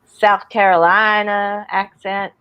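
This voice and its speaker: A woman's voice: medium pitch, level tone, takes it slowly, clear, resonant tone, highs cut off. A woman writer chatting casually on a video call, enthusiastic and jokey. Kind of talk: casual group chat on a livestream.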